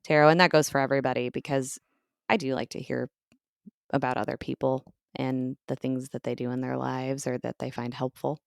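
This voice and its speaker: A laid-back woman co-hosts a podcast in a low voice with some vocal fry. Her tone is smooth and resonant, and she talks in a thoughtful, easy way. The recording is dry and close. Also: flat delivery, fairly quick, no echo. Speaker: podcast co-host. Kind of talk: casual chat.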